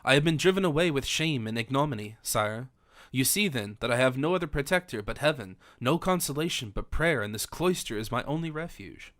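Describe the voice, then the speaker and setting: A man's voice: mid-range voice, lively intonation, fairly quick, a bit bright, dry recording, clean studio sound, lightly acted. A man voicing a distraught, devout young woman in an audiobook, pleading in formal old-fashioned speech. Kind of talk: audiobook character reading.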